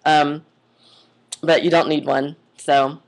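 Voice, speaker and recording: A woman's voice: sits low, flat delivery, slow pace, vocal fry. A young adult woman vlogging in a casual monologue, chatty and gushing, rambling off onto tangents. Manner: gushing, says "oh my God" and "like" a lot.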